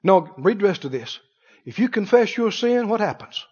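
High-voiced preacher man in a reverberant hall. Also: normal speed, husky. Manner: animated preaching, acting out voices of doubters. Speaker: pastor. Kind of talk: sermon. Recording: dull audio with long hall reverb.

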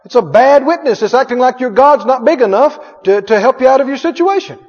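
A male pastor delivers a sermon in a very high, darkish voice, brisk and expressive, using emphatic call-and-response and chuckling often. The recording is dull-sounding with the echo of a large hall.

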